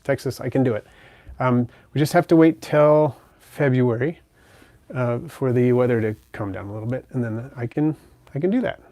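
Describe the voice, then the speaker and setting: A man hosting a pet channel livestream, casually reading viewer comments in a relaxed, chatty way and softly cooing to his pet bird. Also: medium pitch, normal speed, no room sound.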